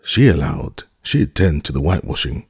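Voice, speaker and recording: A nervous young boy servant, pleading and hesitant, as a man reads him out. The voice is very deep and husky, and the room is dry. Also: big pitch swings, normal speed, no echo, exaggerated voice. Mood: fearful.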